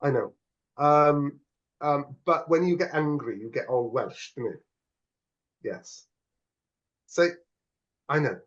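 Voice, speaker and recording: A man's voice: a little high, slow pace, pauses often. A man co-hosting a podcast, chatting casually, laughing often and stumbling over his words. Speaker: podcast co-host. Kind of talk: casual chat. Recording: slightly dull lo-fi audio.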